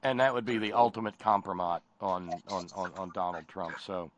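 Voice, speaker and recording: A man hosting political talk radio, animated and profane, often stammering and restarting. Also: low-pitched, moderate pace, a little hiss or hum. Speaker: radio talk show host.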